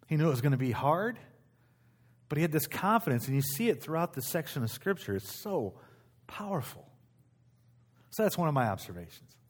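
A middle-aged man preaching a sermon as pastor, in a conversational way, repeating key phrases and restarting his sentences. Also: a little high.

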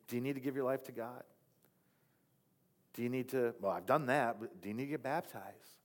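Building his sermon on his testimony, a male pastor tells the tale animatedly and quotes himself in gentle, earnest tones. He speaks a little fast in a mid-range voice, with long pauses.

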